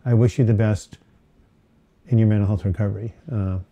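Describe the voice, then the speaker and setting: A man's voice: fairly low pitch, steady tone, fairly quick, phone-quality sound. A man hosting a casual live-stream Q&A, reading viewer questions aloud and rambling with many fillers and restarts. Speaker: host of a live mental health Q&A. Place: home setting, Portland.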